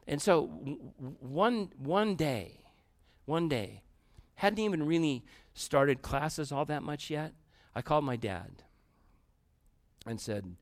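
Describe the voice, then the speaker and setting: A man giving a storytelling sermon to a live audience in a room, talking conversationally and turning to them directly, swinging between quiet asides and loud, emphatic bursts. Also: fairly high pitch, very animated, slow pace.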